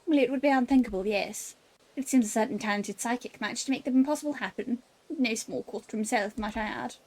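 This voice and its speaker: A woman's voice: fairly high pitch, a little mellow, slight background noise, close to an everyday voice, low-quality recording. A woman voicing a posh, composed female storyteller, reading game dialogue aloud. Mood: knowing. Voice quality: posh, measured.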